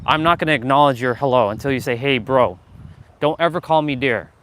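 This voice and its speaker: A man's voice: medium pitch, brisk, a bit bright. Fired-up preachy man on a livestream. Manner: calls out chat viewers directly. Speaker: livestream host. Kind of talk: live motivational talk to chat.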